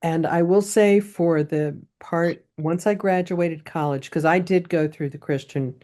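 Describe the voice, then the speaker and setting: A woman's voice: lowish voice, unhurried, mellow. A woman poet, a guest in a casual interview, telling stories in a chatty way. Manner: chatty storytelling.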